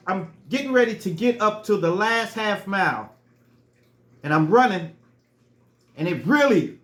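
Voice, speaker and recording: A man's voice: high-pitched, a bit bright, roomy sound. A man telling a personal story in a casual, earnest way, repeating phrases for emphasis. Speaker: storyteller vlogger.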